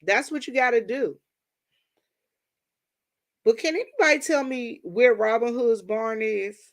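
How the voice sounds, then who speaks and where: A woman's voice: fairly high pitch, a little slow. A woman from Washington, D.C. hosting a livestream, chatting casually with viewers and telling stories, calling them y'all. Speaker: livestream host.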